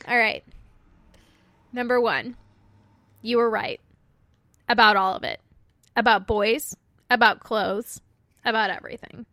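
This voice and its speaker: Casting: young woman podcast co-host, fairly high voice, giggly and emotional, dry close sound. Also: pushed and bright, no room sound. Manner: giggly, emotional, quick to laugh. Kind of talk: casual chat.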